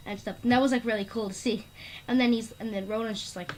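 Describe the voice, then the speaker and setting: A woman's voice: a little high, steady tone, moderate pace, slight background noise, rough recording. A woman giving casual movie commentary, rambling and earnest, stringing her thoughts together with "and then". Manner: earnest, easily enthused. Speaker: video creator ranking film scenes.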